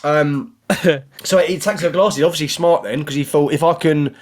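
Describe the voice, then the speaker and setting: A man's voice: on the high side, moderate pace. An English man hosting a podcast, telling a comic story and laughing all the way through it. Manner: laughs through his own story, shrieks and drops to a mumble. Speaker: podcast host. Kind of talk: casual comedic storytelling.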